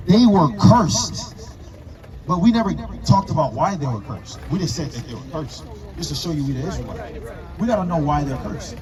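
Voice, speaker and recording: High-ish voiced guy street preaching, pushy questions, crowd noise all around. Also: low-quality recording. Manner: forceful, rhetorical questioning, emphatic.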